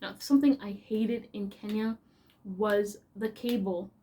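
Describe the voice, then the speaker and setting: A young woman with a Canadian accent, telling stories in a casual, animated, chatty way as a vlogger. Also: medium pitch, a little slow. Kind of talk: casual storytelling.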